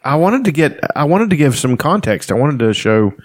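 Animated rambling man. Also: a little high, normal speed, dry recording. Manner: rambling, laughs often, profane. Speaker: podcast co-host. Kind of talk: casual chat.

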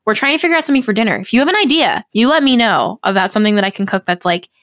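Young female guest, bubbly and expressive, laughs easily, close dry mic. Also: a little high, racing, no room sound. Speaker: guest musician. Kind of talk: casual chat.

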